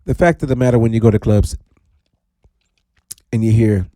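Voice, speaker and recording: Male DJ host, animated and playful, warm low timbre, stretches words into high calls. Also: dry recording, clean studio sound. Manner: animated, playful, swoops into high drawn-out shouts. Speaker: radio DJ host. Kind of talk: casual radio talk show. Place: radio studio.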